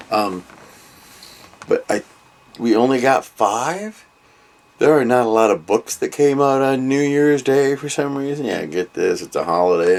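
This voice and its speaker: An older man hosting a comic book review vlog, chatting in a loose, rambling way with many ums and trailing asides. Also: on the low side. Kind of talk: casual vlog chat.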